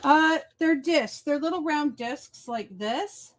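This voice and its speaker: Co-hosting a laid-back crafting stream by video call, a woman speaks in a fairly high voice. Her casual chat moves in small, patient steps, with frequent pauses to check her listener is keeping up.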